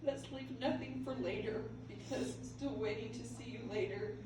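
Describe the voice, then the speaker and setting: An older woman giving a heartfelt memorial speech, halting and emotional, laughing through tears. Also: fairly high pitch. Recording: echoey hall from far off, with noise.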